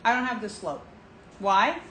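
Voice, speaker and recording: A middle-aged woman presenting skincare products in a live home-shopping show, with an enthusiastic, chatty sales pitch. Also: big pitch swings, measured pace, bright, forceful tone, slight background noise. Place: TV shopping studio.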